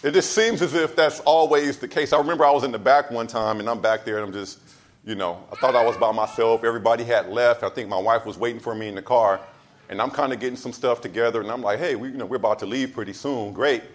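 A pastor delivering a sermon, driving points home with repeated lines and swinging between loud emphasis and soft asides. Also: male voice, mid-range voice, quick pace. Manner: casual storytelling asides.

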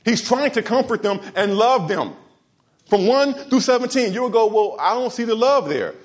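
A man preaching a sermon, moving between quiet asides and raised, emphatic exhortation, often repeating words as he builds a point. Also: very high voice, lively intonation, normal speed. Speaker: pastor.

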